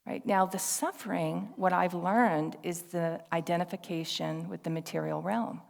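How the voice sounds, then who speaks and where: A woman's voice: lowish voice, steady tone, normal speed, creaky. A woman minister giving a sermon in a conversational, storytelling way, quoting others as she tells her story. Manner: conversational, warm storytelling with laughter and quoted dialogue. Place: church service hall. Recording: long reverb of a large hall.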